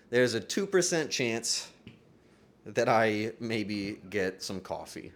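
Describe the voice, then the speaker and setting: A man's voice: lowish voice, animated, slow pace. Profane, earnest male streamer. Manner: jokey, laughs often. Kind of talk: livestream talk to chat.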